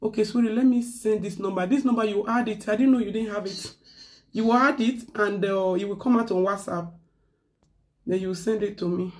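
A woman's voice: medium pitch, brisk, a little mellow, distant mic. A woman with a Nigerian accent ranting in casual chat as a live-stream host, slipping pidgin into her English.

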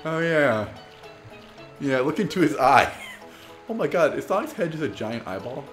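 A man's voice: on the high side, big pitch swings, moderate pace, a bit bright, reverberant. A young man doing casual let's-play commentary, joking and chatting to the game characters. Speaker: gameplay commentator. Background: game music.

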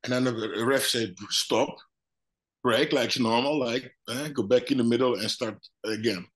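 A man's voice: medium pitch, moderate pace. A man, a guest former fighter, telling a story in casual chat with many restarts and acted-out quotes. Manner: animated, acts out other people's lines.

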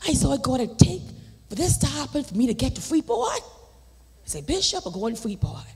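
A Bahamian woman giving a fervent testimony during a church service, swinging between shouted declarations and hushed whispers in a preacherly cadence. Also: high-pitched, sing-song, brisk, gravelly. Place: large church sanctuary. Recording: church livestream with long hall reverb.

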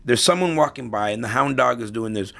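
A man's voice: medium pitch, expressive, brisk, vocal fry, a bit bright. A middle-aged man, a podcast guest, chatting casually and telling anecdotes to make his points, often repeating and restarting words. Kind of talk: casual interview storytelling.

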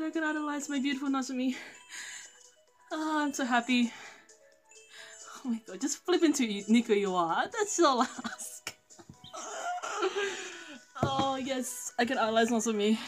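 A woman's voice: a little high, normal speed, soft background music. A woman commenting casually on her pulls in a mobile game, pleading, swearing and laughing often. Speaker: gaming streamer.

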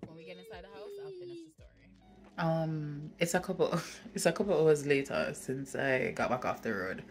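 Low-voiced Jamaican woman vlogging. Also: sing-song, normal speed, soft background music. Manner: chatty, storytelling, talks to her toddler in between. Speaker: lifestyle vlogger. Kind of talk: casual chat to camera. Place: car, outdoors in the cold and at home. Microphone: phone front camera.

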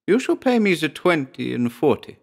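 A man voicing a spiteful, avaricious old peasant washerwoman who speaks gravely and haggles in a storybook reading. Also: on the high side, very animated, normal speed, voice pushed up, heavily acted.

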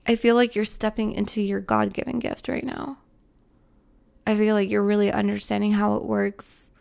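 A woman with a gravelly, creaky voice gives a heartfelt tarot reading straight to her viewers. She is emotional and close to tears, repeats herself for emphasis, and swears casually along the way. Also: medium pitch, flat delivery, moderate pace, a little mellow. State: tearful, emotional. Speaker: tarot reader. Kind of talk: spiritual tarot reading to camera.

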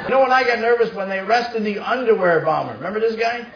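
Brash middle-aged comic. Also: male voice, sits high, fast. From New Jersey. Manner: brash storytelling with punchy asides. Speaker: stand-up comedian. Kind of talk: stand-up comedy set. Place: comedy stage before a live audience. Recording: echoey, distant, muffled live room.

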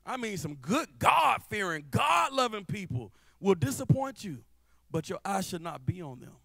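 A young man preaching a lively sermon in church. He jokes and calls out to the congregation in a casual, playful way. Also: high voice, moderate pace, vocal fry, dry recording. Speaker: guest preacher. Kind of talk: lively church sermon with spoken-word rap. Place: church sanctuary before a live congregation.

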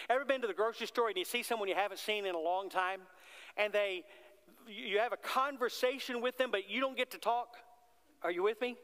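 A man's voice: high-pitched, brisk, a bit bright. A man preaching a sermon as pastor, in a conversational way, often asking the congregation questions. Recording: long hall reverb.

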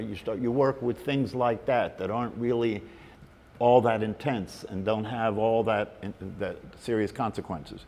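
A man's voice: mid-range voice, a little mellow. Man teaching meditation in a reverberant hall. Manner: conversational, repeats "right?" and "you know". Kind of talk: spiritual talk to a group.

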